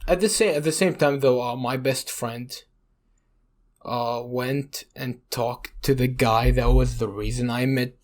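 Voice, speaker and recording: A young adult man from Iraq co-hosts a casual podcast, telling rambling stories packed with swearing and leaning heavily on "you know." His medium-pitched, darkish voice is fairly even in intonation and a little slow.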